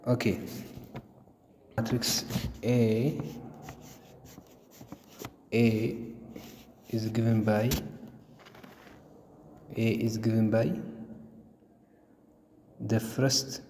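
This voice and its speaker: A man teaching a math lesson, explaining slowly with frequent repetitions and fillers. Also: lowish voice, flat delivery, warm tone. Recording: long reverb, faint noise.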